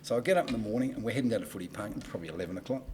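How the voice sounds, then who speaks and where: An older Australian man spinning a yarn on a podcast, his voice sitting at an ordinary middle pitch. He tells his stories with relish, leaping up loud whenever he acts out what was said. A faint hiss sits under him. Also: rapid-fire. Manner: animated anecdote-teller, acts out dialogue in raised voice. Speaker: guest, entertainment promoter. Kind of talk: casual storytelling on a podcast.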